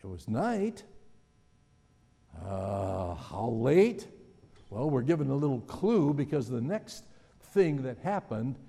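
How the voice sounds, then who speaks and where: A man preaching a sermon in a relaxed, conversational way, musing aloud and putting questions to his listeners. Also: medium pitch, takes it slowly, vocal fry, long pauses. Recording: long hall reverb.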